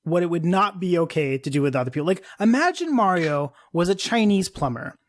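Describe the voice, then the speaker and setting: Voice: medium pitch, lively intonation, fairly quick. A podcast cohost in casual chat, musing and arguing a point while thinking aloud. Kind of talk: casual pop-culture chat.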